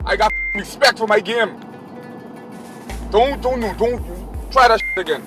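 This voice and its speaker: A man's voice: sits high, unhurried, music in the background. A man, a traveling artist, insistently scolding and repeating himself in a heated argument inside a moving car.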